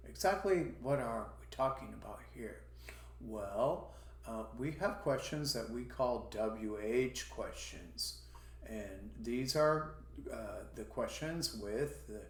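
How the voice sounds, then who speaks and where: A man teaches a recorded language lesson, moving through his points slowly and repeating each example phrase so students can copy the intonation. His pitch swings up and down in a lively way. The sound carries a roomy echo.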